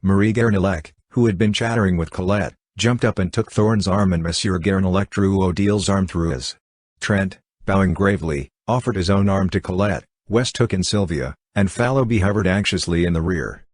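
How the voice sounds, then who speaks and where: Male audiobook narrator, steady and even, low husky voice, dry recording. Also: moderate pace, dry recording. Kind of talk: scripted narration.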